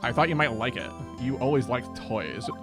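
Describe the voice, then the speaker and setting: A composed older sister and lawyer, voiced by a woman speaks in a low, even voice with gentle, dry teasing. Game music hums in the background. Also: moderate pace, exaggerated voice. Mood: gently teasing.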